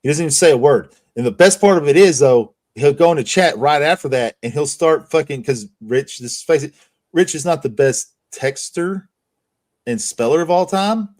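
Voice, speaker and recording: A man's voice: on the high side, expressive, normal speed, a little mellow. A man hosting a casual livestream chat, telling profane stories and laughing often. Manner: profane, laughs a lot, storytelling. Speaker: stream host.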